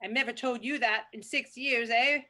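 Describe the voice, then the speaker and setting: With a high-leaning, steady, sharp voice and moderate pace, a woman improvises as a self-righteous Canadian who rambles indignantly and tags her sentences with "eh," using a put-on accent.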